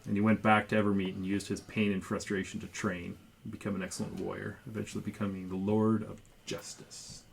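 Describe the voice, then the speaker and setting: A man narrating a tabletop game as the game master, telling the story at an unhurried pace with occasional fillers. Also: lowish voice, level tone, vocal fry, a little hiss or hum. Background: background music.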